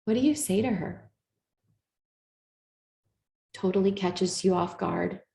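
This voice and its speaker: A woman therapist giving an earnest, coaching talk to a live audience, slowing down to stress her points. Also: mid-range voice, vocal fry, mellow, reverberant. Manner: earnest, coaching, slows down for emphasis. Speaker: therapist and speaker.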